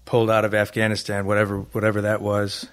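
A man's voice: on the low side, monotone, quick pace, clean tone. A man co-hosting, telling a personal story in a plain, matter-of-fact way. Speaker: co-host. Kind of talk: casual storytelling.

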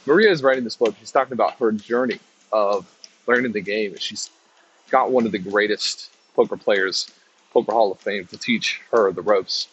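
A man's voice: lowish voice, normal speed, a bit bright, slight background noise. A man hosting his own motivational podcast, talking loosely with many restarts and fillers. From American South. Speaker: podcast host. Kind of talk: casual motivational talk. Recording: dull lo-fi recording.

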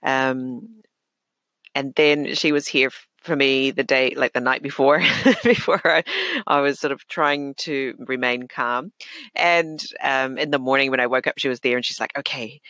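A man's voice: medium pitch, steady tone, a little slow, pushed and bright, dry recording. A middle-aged man hosting his own podcast from a small closet studio, talking in a chatty, reflective way with fillers and self-corrections. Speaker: podcast host. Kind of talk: casual personal monologue. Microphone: desk podcast microphone.

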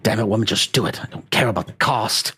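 A man's voice: fairly low pitch, quick pace, pushed and bright, slightly rough, full character voice. A man voicing a frantic nobleman in a tabletop game, speaking in an urgent, bellowing way. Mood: desperate.

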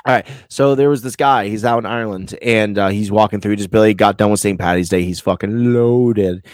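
A man's voice: lowish voice, brisk, dry recording, clean studio sound. A young American man in casual chat, telling crude jokes with lots of swearing. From United States. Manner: crude, joking storyteller.

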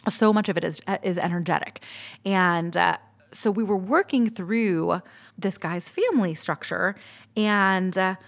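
A woman's voice: mid-range voice, unhurried, creaky. A woman in her thirties, a podcast host, telling a personal story in a candid, chatty way and swearing freely. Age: 30s.

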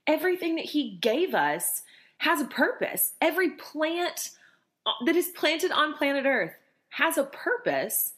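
A woman's voice: high-pitched, very animated, measured pace, fairly bright tone. A woman co-hosting a podcast in casual faith-based chat, earnest and emphatic, repeating her points. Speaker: podcast co-host.

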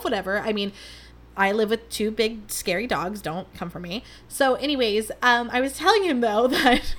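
Bright, dramatic woman podcaster. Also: a little high, fairly quick. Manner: dramatic, rambling, self-mocking. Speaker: podcast host. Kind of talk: casual chat.

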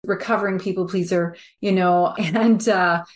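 Female podcast host, low-pitched, warm and earnest, reflective conversational delivery. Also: fairly even intonation, normal speed.

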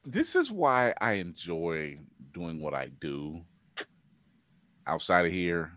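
A man's voice: deep voice, very animated, takes it slowly, a bit bright. A man co-hosting a podcast in casual chat, joking and laughing often. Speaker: podcast co-host.

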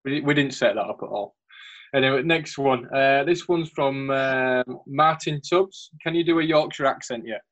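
A man's voice: medium pitch, normal speed, a bit bright, muffled recording. A man hosting a podcast, casual and teasing as he reads out questions for his guest. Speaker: podcast host. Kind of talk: casual interview chat.

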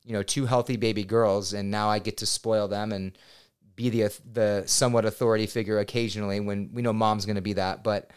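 A man in his thirties, a podcast guest, telling a personal story in a casual, animated and excitable way, swearing now and then. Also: lowish voice, a little fast, clean tone. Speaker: podcast guest, real estate agent.

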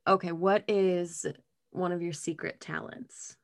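A woman hosting a casual interview, easygoing and quick to laugh. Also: fairly low pitch, fairly even intonation. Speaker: podcast host.

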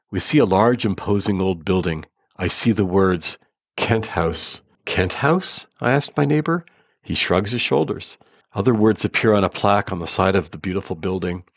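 A man reading a first-person story aloud in a measured, earnest way, sometimes restarting a word. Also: fairly low pitch, fairly bright tone, no echo, lo-fi sound. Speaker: narrator.

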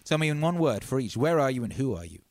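A man hosting a music livestream, reading out viewers' comments with playful deadpan asides. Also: medium pitch, quick pace. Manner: playful, deadpan asides, frequent ums and uhs.

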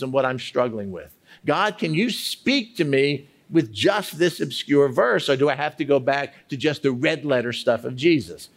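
A man with a fairly high voice that swings up and down a lot teaches a Bible study method. He keeps asking questions aloud and drags out key words to stress each one. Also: fairly bright tone. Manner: emphatic, slows to stress single words; asks many questions aloud.

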